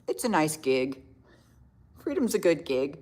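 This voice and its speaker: A middle-aged woman hosting a casual makeup tutorial livestream, chatty, reading viewer comments aloud and quick to laugh. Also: deep voice, big pitch swings, darkish tone.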